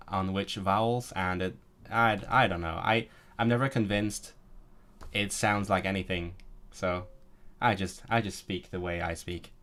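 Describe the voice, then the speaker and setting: A man's voice: low voice, a bit bright. Stammering, chatty man. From Hong Kong. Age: late 20s. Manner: chatty and joking, with frequent stammered restarts. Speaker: language-learning streamer. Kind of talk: casual live-stream chat, reading out viewer comments.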